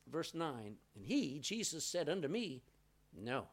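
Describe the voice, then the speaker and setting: A man's voice: on the high side, very animated, measured pace, creaky. A middle-aged man preaching a sermon, telling stories and acting out quoted lines with changes of voice. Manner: storytelling, acts out quotes with voice changes. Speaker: pastor.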